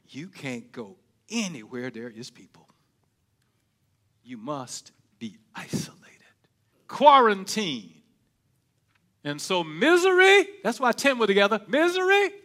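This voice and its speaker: High, animated preacher man. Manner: swings from hushed murmurs to shouted, rising cries. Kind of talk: sermon.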